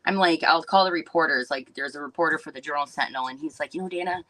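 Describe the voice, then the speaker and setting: A woman's voice: deep voice, fast, pushed and bright, no echo, low-quality recording. A woman from Wisconsin hosting a casual livestream, talking in a rambling, chatty way with lots of fillers and asides to her viewers. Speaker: livestream host and business owner.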